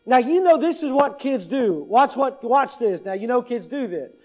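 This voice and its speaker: A man's voice: very high voice, expressive, moderate pace, darkish tone, rough recording. A male pastor preaching conversationally, posing questions to the congregation and telling humorous everyday stories. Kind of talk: sermon.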